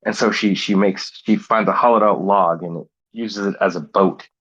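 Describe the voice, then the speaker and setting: A man with a fairly low voice, chatting casually as a podcast co-host and spinning a playful, rambling story. The recording sounds a little dull and lo-fi. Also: steady tone, normal speed, fairly bright tone, breathy edge. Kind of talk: casual chat, improvised movie pitch.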